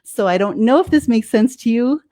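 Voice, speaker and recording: A woman's voice: a little high, animated, moderate pace, dark tone. An American woman, a life coach as guest, explaining things casually, laughing often and acting out her own reactions. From United States.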